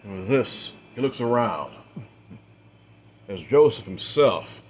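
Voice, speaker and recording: A man acting as game master, narrating a tabletop role-play story in a measured, dramatic way with the odd filler. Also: on the low side, expressive, a little mellow, a little hiss or hum.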